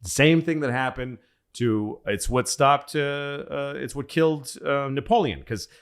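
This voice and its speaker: A man's voice: medium pitch, moderate pace. A man hosting a comedy podcast, telling rambling, profane history stories in a casual way.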